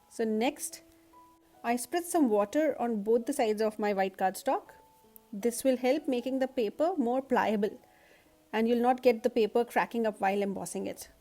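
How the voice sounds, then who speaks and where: Woman with a stuffy nasal husky voice walking thru a craft tutorial, bit high, faint music behind. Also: mellow. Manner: friendly, step-by-step explaining. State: nasal from allergies. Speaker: card-making tutorial host.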